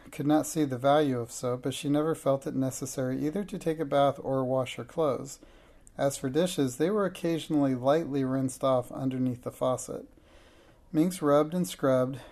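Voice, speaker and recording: A man narrating a children's storybook in a steady, plain reading voice. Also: mid-range voice.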